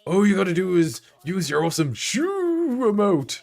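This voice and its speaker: Excitable, chatty male game streamer. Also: high-pitched, normal speed, vocal fry. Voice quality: excitable, chatty, jokey, often chats with viewers. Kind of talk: casual game-stream commentary.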